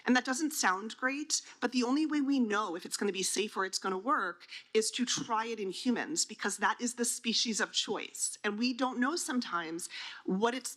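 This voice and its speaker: A woman's voice: fairly high pitch, fairly bright tone. A woman on a conference panel, explaining drug trials to families in a plain, teacherly way, asking and answering her own questions.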